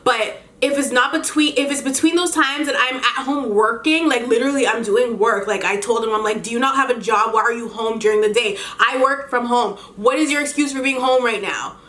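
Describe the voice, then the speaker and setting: A woman vlogger telling a story in an animated, indignant way, often breaking into laughter. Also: a little high, a little fast, hardly any pauses. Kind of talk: storytime vlog. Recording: echoey room.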